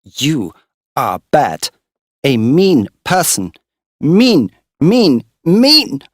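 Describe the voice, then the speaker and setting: A man reading an audiobook, voicing a wildly angry young woman who shouts and repeats her insults. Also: a little high, huge pitch swings, normal speed, dry recording, clean studio sound, voice pushed up. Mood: furious.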